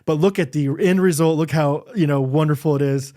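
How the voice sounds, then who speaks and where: A man in his thirties co-hosting a podcast, telling a story in casual chat, acting out what people said with sudden jumps up in pitch and frequent laughter. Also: brisk, warm tone. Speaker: podcast co-host.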